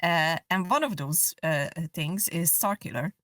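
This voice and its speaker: Low-voiced woman, distant mic. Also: lively intonation, measured pace, fairly bright tone, dry recording. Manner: gushing fan talk with many fillers. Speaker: podcast co-host. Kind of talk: casual podcast chat.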